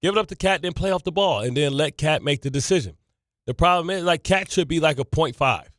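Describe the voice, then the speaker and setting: A man co-hosting a sports talk radio show from a studio, animated and slangy in his talk. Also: fairly high pitch, brisk, dry recording.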